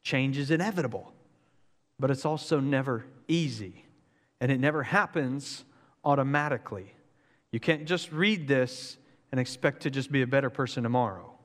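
A man preaching a sermon in an energetic, joking, conversational way. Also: mid-range voice, moderate pace, big-room sound. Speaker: pastor.

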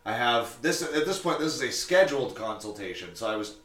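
A man's voice: mid-range voice, fairly quick, roomy sound, recorded from a distance. A man, a tattoo artist, telling a story on a casual podcast, swearing freely and acting out what people said. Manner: profane, animated, acts out quotes.

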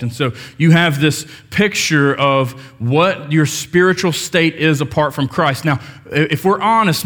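A young adult man preaching a casual sermon as pastor, joking with the congregation and filling pauses with ums and restarts. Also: mid-range voice, a bit bright.

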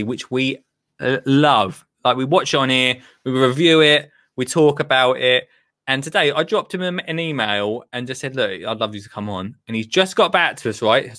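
A man's voice: mid-range voice, no room sound. Host guy totally buzzing, lots of oh my god, dry close sound. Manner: excitable, gushing, many exclamations. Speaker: podcast host. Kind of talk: excited casual chat.

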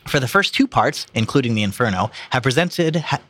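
A man with a bright, forceful voice reads a scholarly introduction aloud on a casual podcast. He trips over long words and restarts them, then breaks into swearing and laughter. The sound is dry and close. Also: medium pitch, expressive, fairly quick, no room sound. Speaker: podcast host reading aloud.

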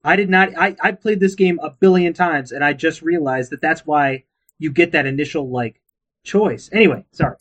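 Husky, sarcastic man on a podcast. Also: on the high side, normal speed, dull audio. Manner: sarcastic, deadpan jokes. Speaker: podcast co-host or guest. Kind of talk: casual chat.

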